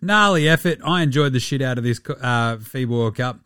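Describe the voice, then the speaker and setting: A man's voice: mid-range voice, brisk, clean tone, dry recording, clean studio sound. An Australian man hosting a casual sports podcast, rambling, swearing freely and laughing at his own jokes. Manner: animated, profane, rambling. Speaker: podcast host.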